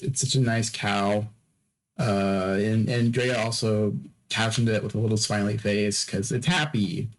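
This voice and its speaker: A man's voice: fairly low pitch, poor audio. A man hosting a podcast in a casual, rambling monologue, drowsy and yawning, often stammering and repeating himself. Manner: repeats words and phrases, stammering restarts; drowsy, yawning between topics. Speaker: podcast host.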